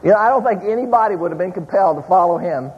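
A man preaching a sermon, telling an animated story to a live congregation in a church. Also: sits high, racing, a little hiss or hum. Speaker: pastor. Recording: muffled audio in a large hall.

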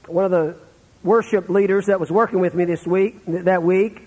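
A middle-aged man preaching a sermon, telling stories and dropping to a hush for the sad parts. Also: high voice, steady tone, normal speed, husky, in a large hall, low-quality recording. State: terminal illness, on breathing treatments. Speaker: pastor.

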